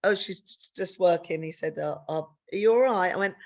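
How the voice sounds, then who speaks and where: A middle-aged UK woman, co-hosting a podcast, frankly shares a personal story, swearing freely and re-enacting dialogue with big pitch jumps. It's candid conversational storytelling, delivered briskly with hardly any pauses.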